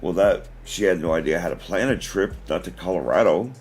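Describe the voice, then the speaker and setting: A man's voice: low-pitched, fairly quick, darkish tone, soft background music. A man, hosting a casual livestream and telling a story with many restarts. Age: 40s. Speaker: livestream host.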